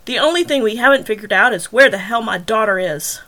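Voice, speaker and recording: A woman's voice: mid-range voice, moderate pace, a bit bright, close to an everyday voice. A woman reading as a stern detective father. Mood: angry. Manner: blunt, pressing, interrogating. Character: stern worried middle-aged male detective father.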